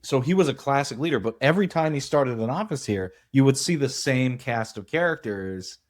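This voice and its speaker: A man's voice: medium pitch, expressive, fairly quick. A man co-hosting a casual business podcast, musing and telling stories, often correcting himself as he goes. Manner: musing, storytelling, self-correcting. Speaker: podcast co-host.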